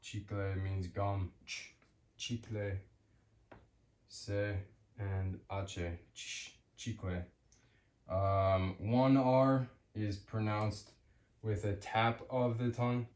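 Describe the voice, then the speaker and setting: A man giving a casual spoken language lesson, hesitant with many fillers, repeating example words slowly. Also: fairly low pitch, little pitch movement, darkish tone, reverberant. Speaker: language teacher.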